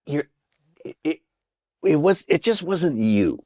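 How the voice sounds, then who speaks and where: Guest storyteller, man in his sixties, lively pitch, dry close sound, acts out every voice in his anecdotes. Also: slow pace, dry recording. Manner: animated storyteller who acts out quoted voices. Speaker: guest actor. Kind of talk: casual anecdote telling.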